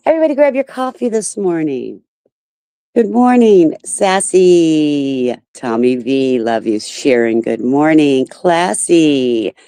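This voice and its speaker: Woman, livestream host, upset, rambling, lowish voice, dry sound. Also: a little mellow, no room sound. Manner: upset and rambling, greeting viewers by name. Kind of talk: casual live-stream talk to viewers.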